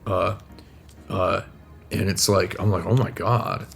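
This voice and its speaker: A man's voice: sits low, fairly even intonation, takes it slowly, gravelly, soft background music. A man casually telling stories on a live stream from a hotel room, rambling and restarting, often laughing at his own jokes, recorded on a laptop mic. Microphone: laptop microphone.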